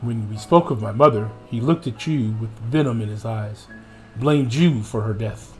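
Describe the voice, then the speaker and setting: A gaming streamer with a lowish, somewhat dark voice talks at an ordinary pace over soft background music. He performs the cutscene dialogue theatrically and slips in playful jokes to his chat between the lines.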